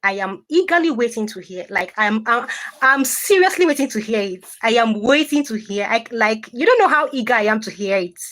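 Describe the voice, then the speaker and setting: A woman hosting a livestream, reading comments and answering with animated, indignant repetition. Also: on the high side, fairly quick. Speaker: livestream host.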